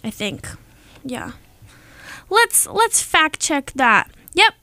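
A young woman hosting a radio show, her voice sitting a little high as she chats loosely and gushes over facts. The sound is close and dry, with no room around it. She stays casual and eager the whole way through. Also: extremely slow, dry recording. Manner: chatty and excitable, gushing over facts. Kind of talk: casual on-air chat.

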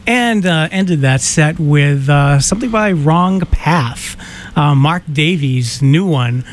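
A man's voice: a little high, lively intonation, slight background noise. Easygoing man hosting morning radio. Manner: easygoing, filler-heavy, halting back-announcing. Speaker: radio host. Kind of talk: casual morning radio chat.

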